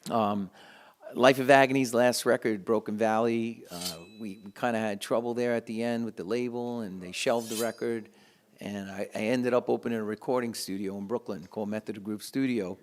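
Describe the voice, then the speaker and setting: A man's voice: fairly low pitch, fairly even intonation. Heartfelt man telling a story. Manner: heartfelt, halting with restarts. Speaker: guitarist sharing a memory. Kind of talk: casual storytelling.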